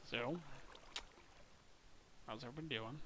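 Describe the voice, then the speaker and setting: A man's voice: mid-range voice, slow. A young man giving casual, goofy, rambling commentary as he plays a game, talking to himself and his viewers. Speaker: let's play gamer. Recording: noisy home mic recording.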